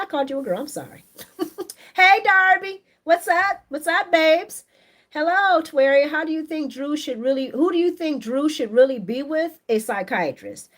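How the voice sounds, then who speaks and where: A woman's voice: sits high, moderate pace. A woman hosting a casual live stream, reading viewer comments aloud and giving her chatty, opinionated take. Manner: chatty and opinionated, animated, laughs often. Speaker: soap opera recap host on a live stream.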